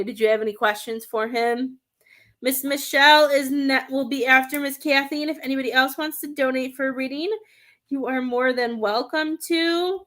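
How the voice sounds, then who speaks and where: On a live stream, a woman working as a psychic medium gives a reading, rambling and hesitating as she hunts for words. Her voice sits fairly high and sounds a little bright.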